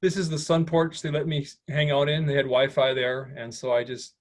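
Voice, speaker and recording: A man's voice: medium pitch, flat delivery, brisk. Chatty man giving a slideshow talk. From United States. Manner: chatty, rambling, with many restarts. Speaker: presenter. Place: meeting room with a live audience.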